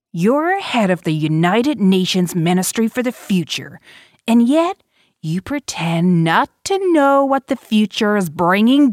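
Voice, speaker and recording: A woman reading an audiobook, voicing an agitated, haunted man who speaks in a low, choked, furious way. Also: no echo, clean studio sound.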